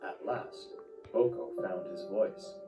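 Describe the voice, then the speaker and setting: A man narrating a children's train story in a measured, expressive storytelling manner. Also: low-pitched, rough recording. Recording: loud background music.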